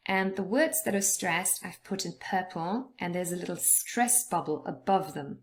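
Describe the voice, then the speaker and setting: A woman explaining word stress in a relaxed, chatty way, often checking in with "okay?". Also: on the low side, normal speed, hardly any pauses. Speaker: English teacher.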